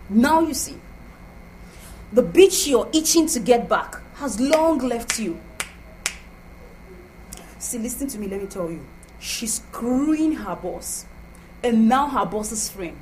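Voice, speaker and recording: An actress with a Nigerian accent playing a scheming, jealous young woman who taunts and shouts insults. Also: mid-range voice, animated, measured pace, a little hiss or hum, lightly acted, low-quality recording. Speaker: actor in a film drama.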